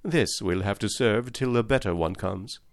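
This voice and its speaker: A man reading aloud and voicing a calm, self-assured male detective who speaks firmly. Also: on the low side, moderate pace, no echo, clean studio sound, lightly acted. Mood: cool. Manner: calm and firm.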